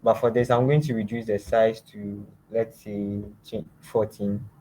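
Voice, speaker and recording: A man teaching a design lab, giving step-by-step software instructions and often trailing off quietly. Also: fairly low pitch, level tone, measured pace, slight background noise, rough recording. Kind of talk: screen-share software tutorial.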